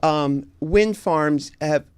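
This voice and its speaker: A middle-aged man from the United States, a guest in a casual chat, meandering and often pausing to find his words. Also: fairly high pitch, a little mellow, clear, resonant tone, no room sound.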